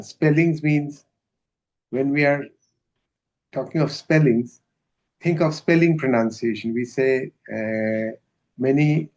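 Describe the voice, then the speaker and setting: Male university lecturer, slow and measured, pausing often on fillers, in a dull lo-fi recording. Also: mid-range voice, darkish tone. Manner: measured, hesitant, with many filler sounds. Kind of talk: academic lecture.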